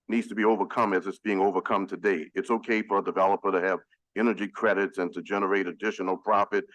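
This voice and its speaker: A man speaking as a city council member, addressing the chamber in an earnest, emphatic, measured way. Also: fairly low pitch, no room sound, low-quality recording. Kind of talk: formal public speech at a council meeting.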